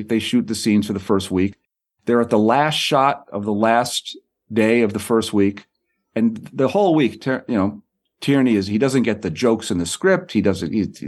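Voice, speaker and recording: Man, husky, middle-aged, author guest, lively storytelling, repeats words. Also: on the low side. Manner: quick, repeats words and acts out quoted people. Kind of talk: animated anecdotal storytelling.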